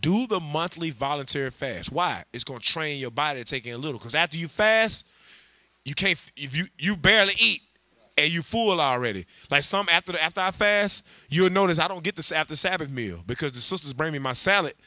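A man teaching a scripture class, animated and joking, calling on others to read. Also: a little high, brisk, no room sound. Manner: animated, humorous, calls on readers. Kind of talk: sermon.

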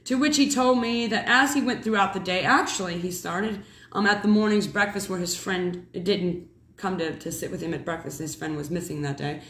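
A woman in her thirties, a mother, telling a rambling spiritual story in a casual, animated way. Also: on the low side, moderate pace. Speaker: mother and preacher. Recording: echoey room.

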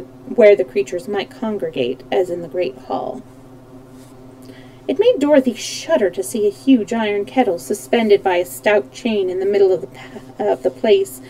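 A woman hosting a live storytime stream, reading a storybook aloud at a steady pace with small slips that she corrects. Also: medium pitch, poor audio. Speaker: storytime host. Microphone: streaming mic.

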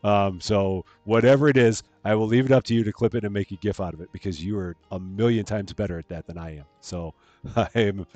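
A man's voice: on the low side, a little mellow, dry recording. A man casually chatting with viewers while he plays a farming game on a live stream, greeting people and laughing at his own jokes.

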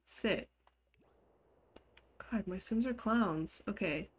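A woman's voice: medium pitch, slow pace. A woman streamer giving casual live commentary on a life-simulation game, bursting into laughter and scolding her game characters.

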